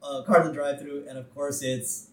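A man co-hosting a podcast, laughing often as he excitedly recaps a cartoon episode and acts out its lines. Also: a little high, brisk, far from the mic. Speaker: podcast co-host. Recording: roomy, off-mic sound.

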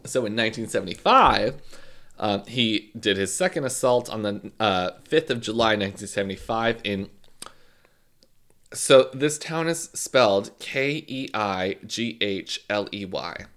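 Lively man chatting on a crime podcast. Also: on the low side, measured pace. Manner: lively, laughing, playful asides. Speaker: podcast co-host. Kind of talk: casual true-crime chat.

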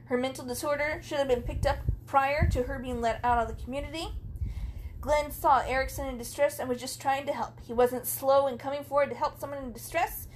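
A woman's voice: high-pitched, steady tone, a little fast, a little hiss or hum. A young woman hosting a podcast in casual chat, giggly and joking with casual swearing, her throat sore. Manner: giggly, swearing, jokey storyteller. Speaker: podcast host.

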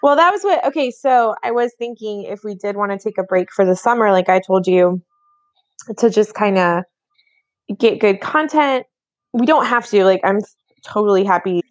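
A woman in her thirties talks through a casual podcast chat, her speech full of "like" and quick asides. Her voice sits in a middle register. The recording is dry and close. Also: medium pitch, dry recording. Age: 30s. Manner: chatty, lots of "like" fillers. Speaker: podcast co-host.

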